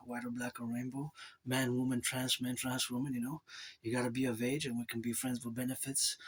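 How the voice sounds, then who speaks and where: A Montreal man with a Quebec accent, a Canadian vlogger, rambles loosely to the camera and tosses in asides like "eh?". His voice is medium in pitch, slightly bright, with a breathy edge.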